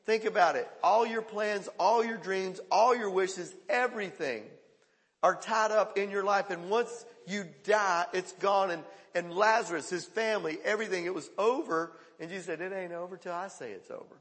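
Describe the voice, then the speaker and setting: A male pastor preaching a sermon, swinging between loud calls and hushed quoted lines. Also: high voice, moderate pace, in a large hall.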